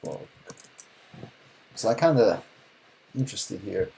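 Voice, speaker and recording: A man's voice: on the low side, animated, slow, creaky, mellow, low-quality recording. A man streaming a live reaction, talking casually with sarcastic, rambling remarks and frequent restarts.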